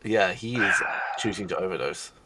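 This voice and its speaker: A game master narrates in a matter-of-fact, wry way. His voice sits slightly low and stays even. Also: moderate pace, no room sound.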